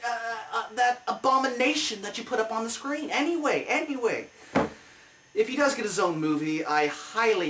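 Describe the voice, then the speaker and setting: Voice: medium pitch, fairly bright tone, a little hiss or hum. A comic review show host giving a heated, exasperated movie review rant. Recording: roomy, mic at a distance.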